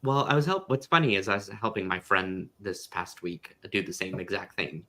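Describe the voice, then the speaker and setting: A man co-hosting a casual jewelry-making chat on a video call, relaxed and laughing often, with filler-heavy trailing sentences. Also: sits low, moderate pace. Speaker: co-host.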